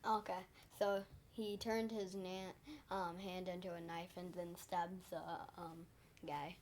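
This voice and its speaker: Kid co-host, giggly, short remarks, faint background noise. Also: female voice, lowish voice, little pitch movement, slow, a little mellow. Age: child. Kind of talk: casual chat.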